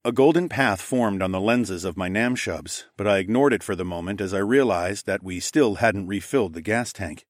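A man narrating a first-person story in a steady, even way. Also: fairly low pitch, moderate pace, hardly any pauses, no room sound, studio quality. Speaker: audiobook narrator.

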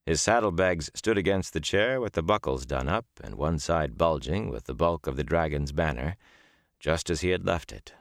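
A man narrating an audiobook in a measured, dramatic storytelling manner. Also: extremely low pitch, lively intonation, vocal fry, no room sound, clean studio sound. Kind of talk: scripted narration.

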